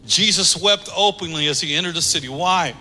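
A man preaching a sermon as pastor, emphatic, swinging between loud declarations and hushed asides. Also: fairly high pitch, fairly quick, soft background music. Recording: long reverb of a large hall.

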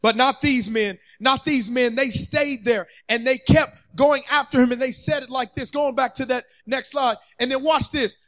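A fervent male preacher delivering a sermon from a church stage. His voice sits very high for a man, and he swings from quiet asides up to full shouts while acting out the people in his story. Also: steady tone, moderate pace, hardly any pauses, poor audio. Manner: fervent, builds to shouting, acts out quotes.

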